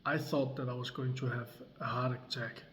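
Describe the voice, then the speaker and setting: A man, telling a personal story slowly and deliberately, with long pauses between phrases. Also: mid-range voice, flat delivery, a bit bright, slight background noise. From Denmark. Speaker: creator and coach. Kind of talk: slow dramatic storytelling.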